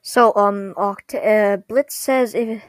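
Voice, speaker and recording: A woman casually recapping a cartoon episode, rambling and halting with many restarts. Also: mid-range voice, steady tone, no echo. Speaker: recap vlogger.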